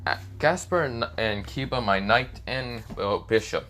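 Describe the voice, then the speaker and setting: A man's voice: mid-range voice, a little slow, bright, forceful tone. A man voicing a cocky young male hero turned dragon, casual and hesitant, in a fan story reading. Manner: casual, hesitant, filler-heavy.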